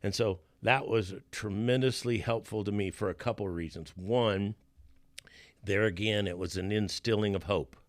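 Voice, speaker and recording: A man's voice: on the low side, fairly even intonation, normal speed, dry recording, studio quality. A middle-aged man hosting a podcast and telling a confessional personal story. He talks casually and earnestly, repeating words and restarting phrases, with plenty of "man" and "dude.". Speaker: podcast host.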